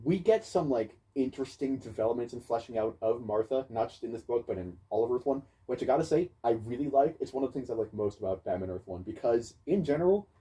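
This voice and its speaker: A man's voice: medium pitch, animated, fast, few pauses, warm tone, slightly rough. A man co-hosting a podcast in casual chat, opinionated and jokey. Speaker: podcast co-host. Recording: distant mic.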